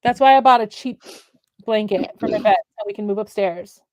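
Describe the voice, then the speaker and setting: A woman's voice: mid-range voice, brisk, a little mellow, no room sound. Rambling woman on a dry close mic. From United States. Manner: rambling, talks to her pet mid-sentence. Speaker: co-host. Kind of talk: casual livestream chat. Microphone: condenser mic.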